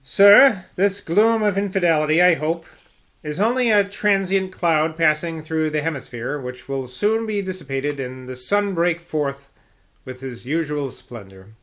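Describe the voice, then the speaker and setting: A man's voice: a little high, expressive, unhurried, fairly bright tone. A man reading as a blunt old scholar. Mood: dry. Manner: emphatic, sardonic pronouncements. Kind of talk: audiobook reading.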